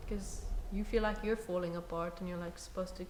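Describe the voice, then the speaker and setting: A woman's voice: fairly low pitch, fairly even intonation, fairly quick, a little mellow. Woman guest, first-time mom, friendly and agreeable, echoey room with faint hiss. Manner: agreeable, laughs often, many short backchannels. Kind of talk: casual interview chat.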